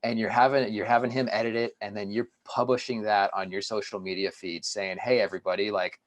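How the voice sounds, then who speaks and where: A man's voice: fairly low pitch, fairly even intonation, a little fast. A man, a company founder, speaking as a guest on a podcast and telling stories with enthusiasm. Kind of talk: podcast interview.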